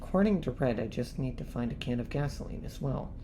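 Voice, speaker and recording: A woman's voice: extremely low pitch, animated, fairly quick, dark tone, a little hiss or hum. A woman streaming a video game, commenting casually and swearing as she rants in angry outbursts.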